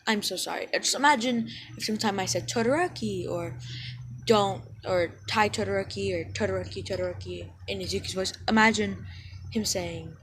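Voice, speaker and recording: A young woman at an average pitch, spinning a fan story off the cuff. She wanders, corrects her own slips and keeps apologizing as she goes, and a faint ambient noise sits behind her voice. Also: moderate pace, a bit bright, low-quality recording. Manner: rambling, self-correcting, apologetic. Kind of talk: casual fan-story retelling.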